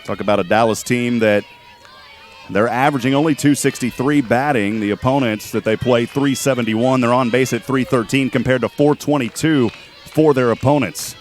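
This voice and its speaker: A man calling a college softball game play by play, chatty and quick with statistics, joking with his co-host. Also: mid-range voice, faint music behind. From Texas. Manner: chatty, rattles off stats, jokes with co-host. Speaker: play-by-play announcer. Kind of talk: sports play-by-play commentary. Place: outdoor softball field.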